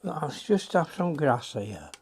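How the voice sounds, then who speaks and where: A man's voice: fairly high pitch, very animated, takes it slowly, breathy edge. An older man, chatting and muttering to himself as he demonstrates a watercolour painting.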